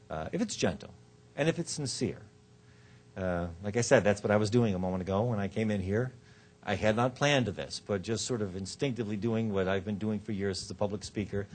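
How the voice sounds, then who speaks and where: A man giving a law school lecture on rhetoric, joking and shifting his pitch and loudness often. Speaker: law professor. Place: lecture hall.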